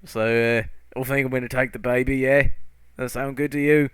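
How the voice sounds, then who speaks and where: A man voicing Puck, a lanky orange-haired male fairy who plays pranks and talks in a loud, chatty, breezy way. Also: mid-range voice, fairly even intonation, normal speed, smooth, no echo, lightly acted. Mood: cheeky.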